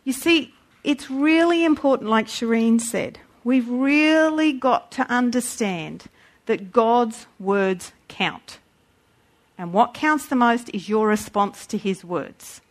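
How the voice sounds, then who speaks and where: A woman preaching a sermon in an animated way, acting out voices when she quotes. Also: a little high, slow.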